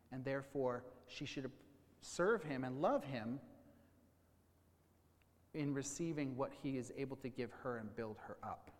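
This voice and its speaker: A man preaching a sermon as a pastor, teaching with questions and slowing down to stress key points. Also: mid-range voice, in a large hall. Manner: teaching, with questions and slowed emphasis.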